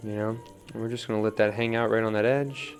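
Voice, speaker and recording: A young man casually teaching wheel throwing, coaching in a relaxed way and often checking in with "right?". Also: on the low side, quick pace, faint music behind. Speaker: pottery teacher.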